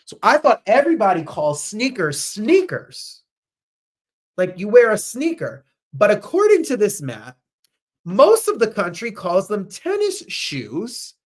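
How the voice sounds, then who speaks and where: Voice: mid-range voice, huge pitch swings, measured pace. New Jersey accent, chatty host, casual talk, reads viewer comments aloud.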